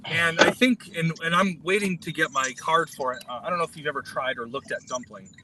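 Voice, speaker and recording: A man's voice: fairly high pitch, a little fast, heavy background noise. A man co-hosting a casual talk show, speaking with hesitant restarts as he explains his own work. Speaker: podcast co-host. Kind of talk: casual chat.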